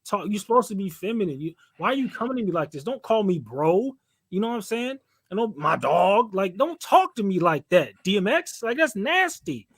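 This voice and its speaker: High-voiced, blunt, animated man. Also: brisk, slightly rough. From California, United States. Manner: animated, blunt, opinionated, laughs often. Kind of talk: casual podcast discussion.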